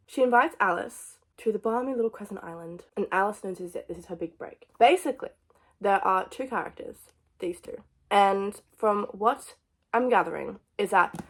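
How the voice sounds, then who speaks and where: A young adult woman chatting casually about books on her vlog, excitable and jumping between thoughts. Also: medium pitch. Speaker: book vlogger. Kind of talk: casual book chat.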